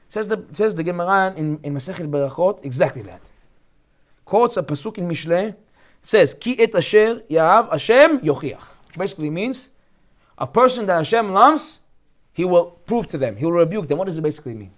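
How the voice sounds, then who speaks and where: A man's voice: sits high, fast talker. A man teaching a Torah class as a rabbi, speaking emphatically and acting out the people he quotes. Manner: animated, emphatic, acts out quoted voices.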